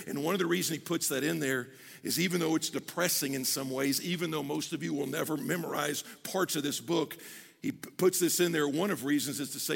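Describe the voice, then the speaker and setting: A middle-aged pastor, preaching a sermon conversationally and acting out people's prayers with energy. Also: male voice, a little high, quick pace, gravelly, a bit bright, husky. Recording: long reverb of a hall.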